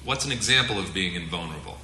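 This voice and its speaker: Bright-voiced man lecturing in echoey room. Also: low voice, expressive, fast talker. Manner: casual, joking, asks the room questions. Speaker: flight instructor. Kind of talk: seminar lecture to an audience. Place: seminar room.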